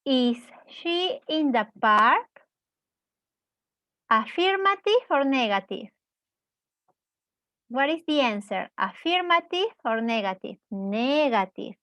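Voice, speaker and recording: A woman teaching English, who explains in Spanish, models sentences slowly and clearly, asks the class questions and praises their answers. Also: on the high side, fairly bright tone, no room sound. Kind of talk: slow, deliberate classroom explanation.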